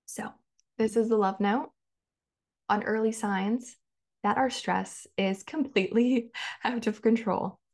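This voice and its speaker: Gravelly-voiced woman hosting a podcast. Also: on the high side, fairly even intonation, slow, pauses often. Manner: conversational, repeats phrases for emphasis. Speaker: podcast host. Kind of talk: solo podcast talk.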